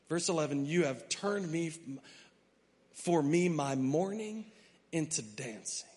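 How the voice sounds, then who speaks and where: A man preaching a sermon as pastor. He moves from quiet, conversational asides to loud, emphatic preaching and reads scripture aloud. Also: a little high, lively intonation, slow, big-room sound.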